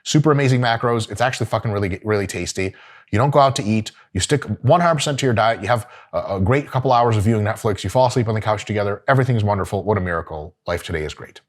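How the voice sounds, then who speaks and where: A man in middle age gives diet advice in a blunt, profane, comedic way. He swings between deadpan asides and bursts of mock outrage as he riffs. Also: on the low side, fast talker. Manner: brash, swearing, jokey, swings into mock outrage. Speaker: host.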